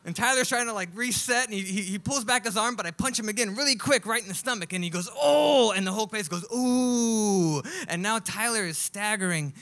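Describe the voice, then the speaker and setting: A man telling a comic personal story live on stage, animated and acting out other people's lines. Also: high voice, fast talker, few pauses. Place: live stage at a music club.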